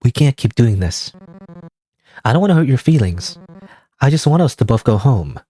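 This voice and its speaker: A man's voice: medium pitch, very animated, moderate pace, warm tone, breathy edge. A man reading the lines of a guarded young woman who wants to go home, in a tired, subdued voice. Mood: weary.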